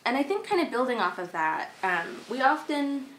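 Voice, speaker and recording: A woman speaking thoughtfully and gently in a relaxed conversation, with many fillers. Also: high voice, moderate pace. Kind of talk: conversational discussion. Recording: echoey room, faint noise.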